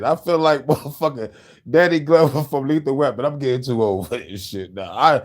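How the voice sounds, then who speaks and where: A man's voice: medium pitch, lively intonation, normal speed. A middle-aged man hosting a loose, profane show, rambling and laughing between riffs. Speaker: host. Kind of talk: casual chat.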